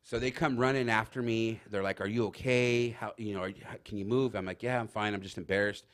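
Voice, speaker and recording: A man telling rambling, animated anecdotes in casual chat as a talk show guest, full of fillers. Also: lowish voice, fast talker. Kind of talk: casual storytelling.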